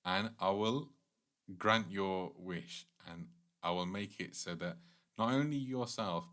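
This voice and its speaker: A man giving a casual devotional class, telling a sacred story in a conversational way with light laughs and animated asides. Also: deep voice. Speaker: temple class speaker.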